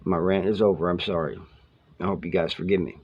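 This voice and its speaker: Talking a little fast in a deep voice with fairly even intonation, a man who served time tells prison tales to camera. It's loose, slangy, rambling storytelling in which he performs other people's dialogue. The recording is lo-fi and a bit dull.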